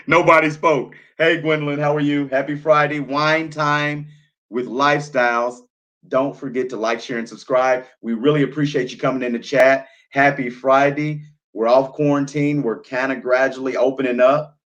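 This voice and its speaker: A man in his thirties hosts a live stream, chatting casually over wine and reading viewer comments aloud. His medium, steady, slightly bright voice moves at a moderate pace with the highs cut off, and he often repeats himself and trails off into fillers.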